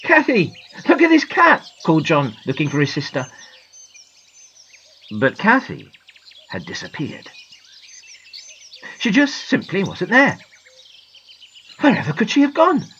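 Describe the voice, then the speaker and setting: A woman narrating a children's storybook in a gentle, expressive manner. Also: deep voice, measured pace, pauses often, dull audio, a little hiss or hum.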